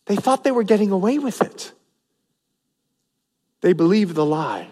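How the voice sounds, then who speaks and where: Brief: lively male pastor, high voice, preaching with big swings, long church reverb. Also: a little slow, long pauses. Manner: animated, acts out the people he preaches about, voice rising and dropping. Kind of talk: sermon. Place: church sanctuary.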